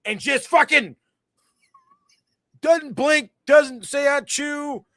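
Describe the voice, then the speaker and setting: A man's voice: extremely high pitch, slow, pushed and bright, dry recording, studio quality. A man co-hosting a casual wrestling review podcast, telling the story animatedly with lots of swearing and mocking quoted voices. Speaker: podcast co-host.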